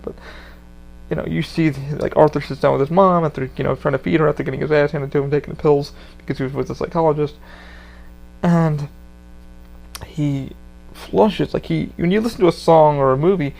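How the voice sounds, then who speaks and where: Podcast host, male, raised pitch, very gravelly; loose, rambling, swearing delivery. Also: a little mellow. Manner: rambling, profane, full of fillers. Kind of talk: casual rambling monologue.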